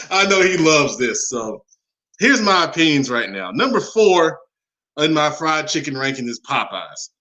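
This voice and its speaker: A man hosting a podcast, talking casually with plenty of fillers and getting animated when worked up. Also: fairly high pitch, poor audio. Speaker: podcast host. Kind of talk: casual chat.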